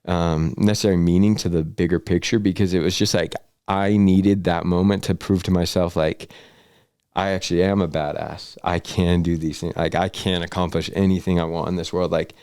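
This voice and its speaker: A man's voice: sits low, little pitch movement, moderate pace, darkish tone, clear, resonant tone, no room sound, clean studio sound. A young man, a podcast guest, telling a long story in casual, rambling talk full of fillers and swearing. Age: young adult. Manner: rambling, filler-heavy, profane.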